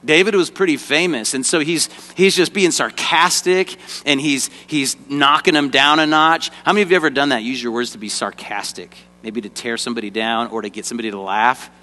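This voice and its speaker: A children's ministry teacher's medium-pitched voice comes across sharp and brisk, with hardly any pauses. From a church stage facing a kids' audience, he leads an interactive Bible lesson, steering volunteers and prompting responses, while the hall reverb echoes.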